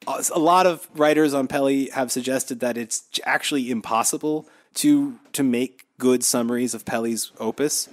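A man hosting a podcast in casual chat, animated and profane, laughing often. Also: mid-range voice, normal speed, hardly any pauses. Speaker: podcast host.

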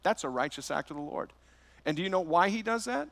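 A man's voice: high-pitched, animated, fairly quick, vocal fry, a bit bright, dry recording. A man preaching a verse-by-verse sermon as pastor, telling a personal story with rhetorical questions.

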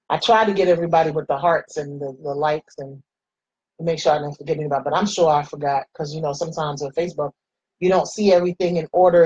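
A woman's voice: sits low, darkish tone, breathy edge, muffled recording. A woman in her forties chatting playfully with viewers while she does her makeup. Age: 40s. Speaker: makeup vlogger. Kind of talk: casual chat while doing makeup.

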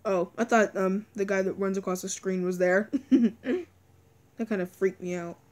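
A woman's voice: medium pitch, steady tone, moderate pace, darkish tone. A young woman commenting on a video game as she plays, anxious and pleading, often repeating words and crying out. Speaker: gaming video creator. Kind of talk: let's-play commentary.

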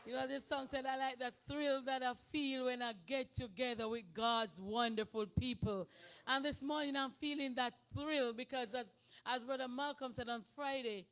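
High-voiced woman giving fervent testimony. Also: fairly even intonation, normal speed, fairly bright tone. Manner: earnest, fervent, calls to worship. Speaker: church member giving testimony. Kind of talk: heartfelt church testimony. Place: church sanctuary.

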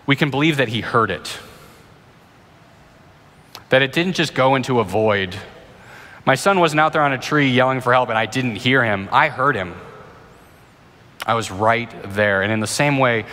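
A male pastor in his thirties speaks earnestly and conversationally, often stumbling over his restarts. His voice is bright and forward, at a middling pitch. It rings out with the long reverb of a church auditorium. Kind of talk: sermon with Q&A.

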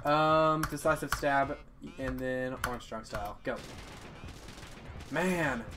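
A young man giving casual, excitable commentary over his gameplay. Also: mid-range voice, takes it slowly. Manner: excitable, swears and yelps at the game. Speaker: let's play gamer.

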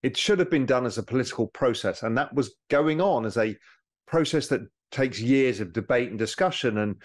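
Animated British man explaining economics. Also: medium pitch, fairly quick. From Britain. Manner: animated, explanatory, mimics people for effect. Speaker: guest, former hedge fund manager. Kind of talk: conversational interview.

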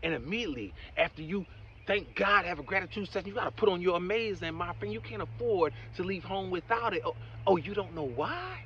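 A man giving a motivational talk in a preachy, encouraging way, often saying "my friend" and "right?", and swinging between loud emphatic bursts and quiet asides. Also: high voice, lively intonation, a little fast, lo-fi sound, slight background noise. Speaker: motivational speaker.

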